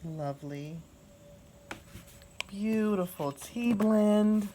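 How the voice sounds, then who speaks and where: A woman vlogging as she unboxes a gift at home, talking softly and gushing with gratitude. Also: medium pitch, a little hiss or hum. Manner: slow, soft-spoken and gushing with gratitude. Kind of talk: casual unboxing narration.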